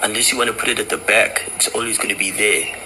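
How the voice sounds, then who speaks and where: A man's voice: lowish voice, steady tone, fast talker, pushed and bright, slight background noise, poor audio. A man giving a motivational talk, earnest and repeating his point. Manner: earnest, repetitive advice.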